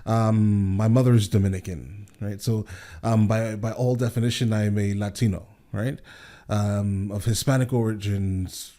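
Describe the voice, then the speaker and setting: A man's voice: fairly low pitch, fairly even intonation, measured pace, mellow. A man from the United States, hosting a reaction video, chatting casually with many "right?" check-ins. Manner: rambling, lots of "right?" and "um" tag-ons.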